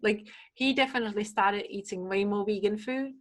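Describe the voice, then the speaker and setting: A woman guest on a podcast, chatting casually and telling animated stories full of fillers and acted-out quotes. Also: medium pitch, normal speed. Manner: animated storyteller, many fillers, acts out quotes. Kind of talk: casual chat.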